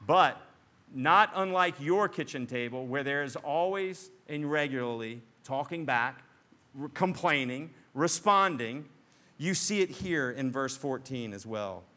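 Animated bright-voiced male pastor preaching. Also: mid-range voice, measured pace. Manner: animated, conversational, acts out quoted voices. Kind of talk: sermon.

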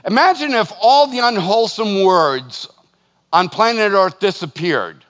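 A man, a pastor preaching a sermon, lively and joking as he tells stories to his congregation. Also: high voice, measured pace. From northern United States. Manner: lively, joking, animated storytelling. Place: church hall. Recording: long hall reverb.

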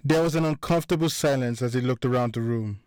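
A man narrating a crime story in a measured, dramatic reading. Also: mid-range voice, a little mellow, clean tone, no echo.

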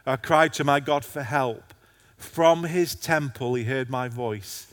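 A man's voice: medium pitch, slow, in a large hall. A male pastor preaching a passionate sermon to a congregation, his intensity rising and falling.

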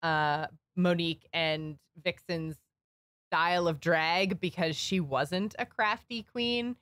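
Woman podcast cohost chatting fast, slightly lower voice, dead dry sound. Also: no echo. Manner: chatty, animated, quick asides. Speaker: podcast co-host. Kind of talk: casual chat.

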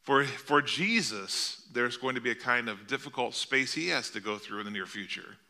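A man's voice: mid-range voice, animated, moderate pace, bright, forceful tone. A middle-aged male pastor preaching a sermon in an earnest, conversational way, asking the congregation rhetorical questions.

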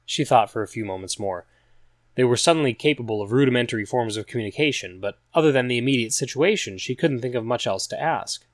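A man reading a story aloud as a narrator, in an even, measured storytelling manner. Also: mid-range voice, no echo, studio quality. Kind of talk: scripted audiobook narration.

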